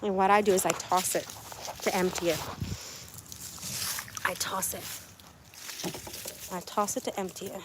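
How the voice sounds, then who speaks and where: A woman's voice: mid-range voice, flat delivery, measured pace, long pauses. A woman hosting a casual livestream from her backyard chicken coop. She chats to viewers, repeats herself and coos to her animals. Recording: noisy outdoor phone stream.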